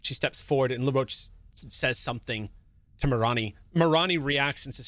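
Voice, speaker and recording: A man's voice: mid-range voice, moderate pace, fairly bright tone, dry recording. A man narrating a tabletop horror game as game master, describing the scene steadily.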